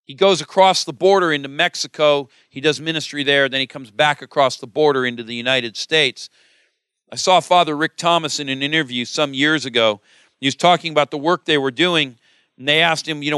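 A man's voice: on the high side, a little fast, sharp tone, clear, resonant tone, no room sound, clean studio sound. A middle-aged man preaching a sermon, emphatic and full of rhetorical questions.

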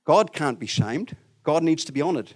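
A man preaching a sermon, telling the story with lively voices for the people in it. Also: on the high side, moderate pace. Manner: animated storytelling, acts out voices.

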